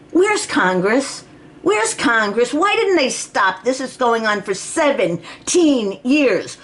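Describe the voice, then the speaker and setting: A woman's voice: fairly high pitch, fairly bright tone. An older woman from New York talking to camera, indignant and emphatic, firing off rhetorical questions. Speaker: video blogger. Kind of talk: personal video rant.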